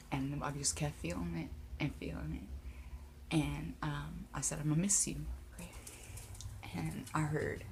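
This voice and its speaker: A young woman vlogger telling a personal story, emotional and halting, close to tears, with many fillers and restarts. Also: sits low, fairly even intonation, vocal fry, darkish tone, slight background noise. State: tearful, near crying. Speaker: paranormal vlogger.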